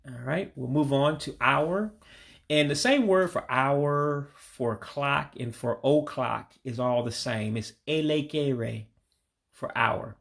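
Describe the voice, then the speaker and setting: A man giving a casual language lesson, patiently repeating each word slowly and dropping his voice on the English meaning. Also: medium pitch, gravelly, a bit bright. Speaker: language learner teaching vocabulary.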